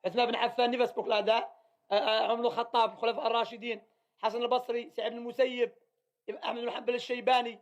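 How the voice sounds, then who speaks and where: A man's voice: very high-pitched, little pitch movement, quick pace. A male teacher commenting on a reading in an emphatic, repetitive way, firing off rhetorical questions. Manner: emphatic, repeats points, asks rhetorical questions. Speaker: teacher leading a religious class.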